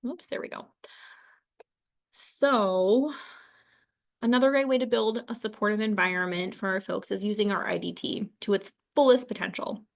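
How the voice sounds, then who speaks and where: A young woman leads a behavior training session in a relaxed, chatty way, filling pauses with ums and likes. Her voice sits at a middle pitch with a noticeable gravelly fry. The talk feels unscripted and conversational. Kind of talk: casual training presentation.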